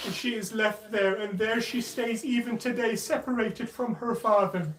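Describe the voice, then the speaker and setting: A man's voice: very high voice, moderate pace, a bit bright. A man narrating a sad religious story to children with mournful, dramatic feeling in a mosque hall. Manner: mournful, dramatic narration building to anguished cries. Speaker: majlis speaker. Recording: echoey hall, mic at a distance.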